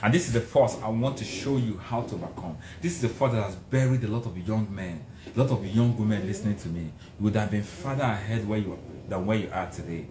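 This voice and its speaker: A man giving a passionate motivational speech about success. He builds from low, measured lines to raised, emphatic ones. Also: noisy background. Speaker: motivational speaker. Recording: roomy echo.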